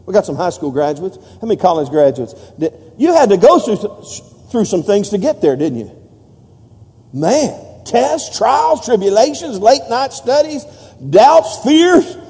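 High-voiced preacher man in a reverberant hall. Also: warm tone, breathy edge. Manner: call-and-response preaching, rising to emphatic peaks. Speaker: pastor. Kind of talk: sermon.

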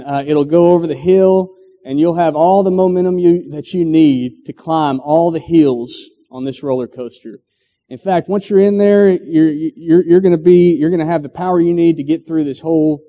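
A man's voice: on the high side, warm tone, lightly acted. A man preaching, voicing a stern man who urges a listener to climb the track. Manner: urging, insistent. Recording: long hall reverb.

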